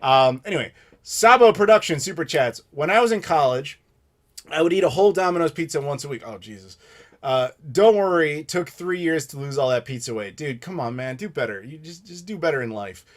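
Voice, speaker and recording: A man's voice: a little high, expressive, brisk. An American man in his thirties hosting a live stream Q&A, opinionated and ranting, swearing casually as he answers viewers. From United States. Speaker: channel host answering live questions.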